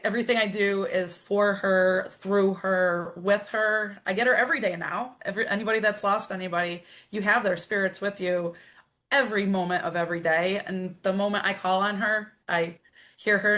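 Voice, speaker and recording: A middle-aged woman, a coach and podcast guest, telling her story in an energetic, animated way, with many restarts. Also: medium pitch, moderate pace. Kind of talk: emotional conversational storytelling.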